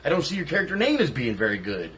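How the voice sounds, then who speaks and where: A man acting as a salty veteran wrestler cutting a trash-talk promo, brash and contemptuous. His voice is husky and breathy, and he swears freely as he taunts his rivals. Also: fairly high pitch, huge pitch swings, very fast, a bit bright, full character voice. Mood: scornful.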